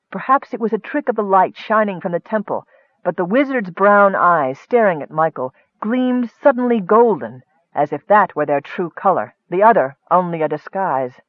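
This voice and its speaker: A man narrating a fantasy audiobook with steady, expressive storytelling. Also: high-pitched, normal speed, no echo. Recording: dull lo-fi dry recording.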